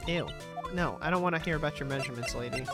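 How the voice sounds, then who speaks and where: A woman's voice: low voice, fast. A woman streamer chatting bluntly and jokingly while reading a game, with faint game music behind. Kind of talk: casual game commentary.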